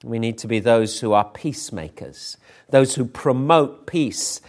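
A man's voice: mid-range voice, a little slow. A middle-aged or older man preaching a sermon, emphatic and full of rhetorical questions.

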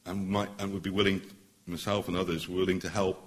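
A middle-aged man, a barrister, giving an earnest, persuasive public speech at a meeting, pausing for emphasis. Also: deep voice, flat delivery.

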